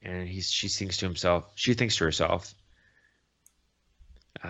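A man's voice: low voice, a little slow, vocal fry, long pauses, bright, forceful tone. A man hosting a podcast, casually retelling a story and correcting himself as he goes. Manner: rambling, self-correcting retelling. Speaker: podcast host. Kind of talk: casual comic recap. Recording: dull lo-fi recording.

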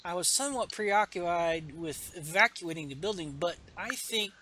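A man reading a comic book hero's lines aloud in a deliberately poor foreign accent. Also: sits high, animated, bright, forceful tone, a little hiss or hum. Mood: uncertain. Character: German-accented male teleporting mutant hero.

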